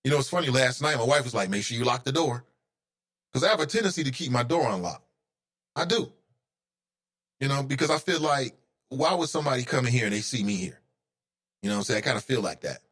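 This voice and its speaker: A man's voice: medium pitch, animated, quick pace, pauses often, a bit bright. A man hosting his own talk show, giving heated, opinionated commentary that climbs into indignant outbursts.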